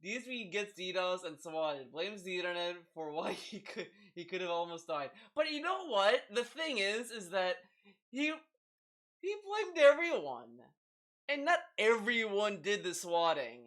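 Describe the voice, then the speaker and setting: A man streaming live and reacting to videos, talking in an excitable, stammering way. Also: sits high, normal speed. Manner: animated, excitable, stammering repeats.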